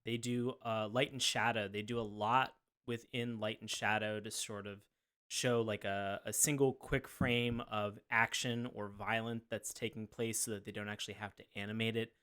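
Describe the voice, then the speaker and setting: A man co-hosting a casual podcast, thinking out loud with many fillers and asking the others questions. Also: fairly low pitch, level tone, normal speed, smooth. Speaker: podcast co-host.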